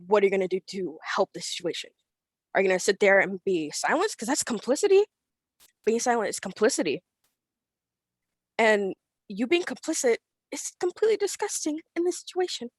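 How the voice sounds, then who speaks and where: A teenage girl from Florida speaks out in an angry public comment on a remote video call. She is blunt and confrontational and swears freely. Her voice sits at a middle pitch in a dry, close sound. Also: no echo. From Florida, USA. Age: teens. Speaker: public commenter at a school board meeting.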